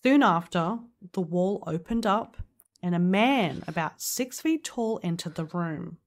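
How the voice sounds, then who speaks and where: A woman's voice: on the low side, expressive, a little slow. A woman co-hosting a podcast, casually telling a story, swearing now and then and laughing along. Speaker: podcast co-host.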